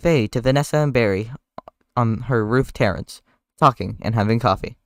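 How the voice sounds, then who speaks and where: A man's voice: medium pitch, normal speed, no echo, clean studio sound. A man streamer reading a movie script aloud live, in a casual voice that sometimes stumbles over words.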